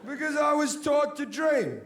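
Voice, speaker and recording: High-pitched guy doing stand-up in a big theatre, sweary ranting, keeps yelling. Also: very animated, a little slow. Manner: profane, ranting delivery that often rises to shouting. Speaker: stand-up comedian. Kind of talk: stand-up comedy set. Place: large sold-out theatre.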